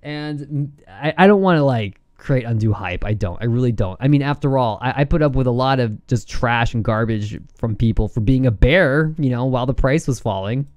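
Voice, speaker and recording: Excitable trading vlogger, male, mid pitch, smooth voice, dry close mic. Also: moderate pace, dry recording, dull audio. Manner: excitable, laughs and whoops, giddy. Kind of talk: casual chart commentary.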